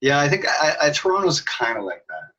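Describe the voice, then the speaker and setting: A man's voice: on the high side, sing-song, brisk, pushed and bright, breathy edge. A Canadian man hosting a podcast, easygoing and laughing, with lots of fillers as he chats. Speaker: podcast host. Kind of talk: casual interview chat. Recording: dull lo-fi audio.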